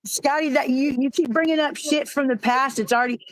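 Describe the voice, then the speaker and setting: A woman with a high voice argues on a live stream panel. She is defensive and profane, and she stumbles and repeats herself as she answers back. The sound is dry and close to the mic. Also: fairly even intonation, fairly quick, no room sound, rough recording. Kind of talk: heated live-stream argument.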